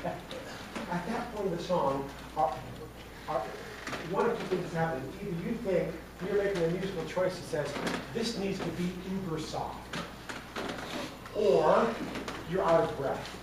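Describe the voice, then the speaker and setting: A man's voice: sits high, normal speed, pauses often, noisy background. A man coaching a choir through a rehearsal, encouraging the singers and singing lines to show how they go. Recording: echoey room from far off, with singing.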